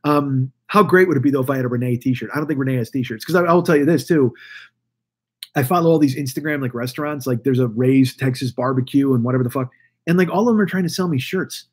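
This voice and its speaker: Husky-voiced man ranting profanely. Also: medium pitch, fast. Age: 40s. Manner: profane, rambling rant with restarts. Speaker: podcast host. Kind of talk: solo podcast monologue. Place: Los Angeles.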